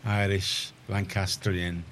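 Deep-voiced Liverpool radio host. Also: male voice, level tone, slow pace, a bit bright, a little hiss or hum. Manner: rambling, chatty storyteller with frequent restarts. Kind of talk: casual radio chat.

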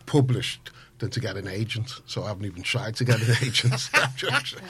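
Sex: man. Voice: husky and low, a rambling radio guest. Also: brisk. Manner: animated, rambling storyteller with many restarts. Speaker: guest author. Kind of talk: casual radio interview. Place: radio studio.

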